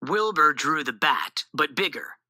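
A woman reading a children's storybook aloud in an animated, expressive way on a close mic. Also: sits low, a little slow, no room sound, low-quality recording.

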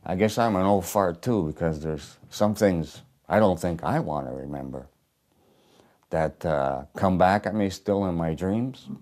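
A stage performer in a one-man play delivers a theatrical monologue as a bitter, haunted old working-class war veteran whose speech is coarse, profane and ungrammatical. His voice is deep and darkish in tone, at a measured pace.

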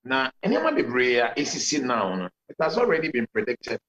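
A man's voice: medium pitch, very animated, brisk, fairly bright tone, low-quality recording. A Ghanaian pastor answering interview questions over a video call, laying out his points one by one in a preaching manner. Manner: preaching explanation, counts points, mixes Twi and English.

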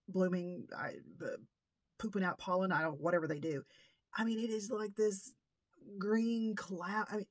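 Folksy lady rambling on, kinda husky, dead dry sound. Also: mid-range voice, darkish tone, dry recording. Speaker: crafting vlogger. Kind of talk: casual haul chat.

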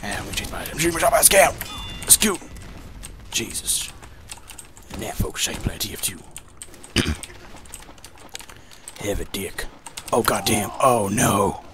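A man doing a gruff gameplay narrator with a forced, strained voice pushed down very low. He mutters and curses as he plays, speaking to the viewers as "folks". Steady background noise and keyboard typing sit under him. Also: slow pace, pauses often. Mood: grumbling. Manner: mutters and swears while playing, addresses "folks". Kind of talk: gameplay commentary in a put-on voice.

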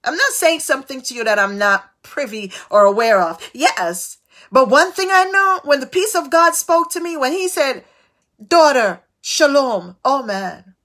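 A woman preaching a devotional sermon, tossing out call-and-response asides with sudden swings of pitch and loudness. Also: lively intonation. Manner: slow, drawn-out delivery.

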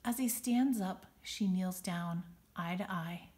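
Expressive woman reading a children's book. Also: lowish voice, slow pace. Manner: expressive, with dramatic sound words. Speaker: storybook reader.

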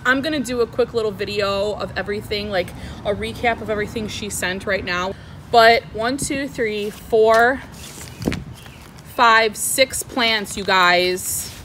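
A young adult woman vlogs outdoors in the wind, gushing and squealing with delight as she unboxes plants. Her voice sits a little high and comes across a bit bright, and she talks at a measured pace. The audio is poor, with wind noise hitting the outdoor mic.

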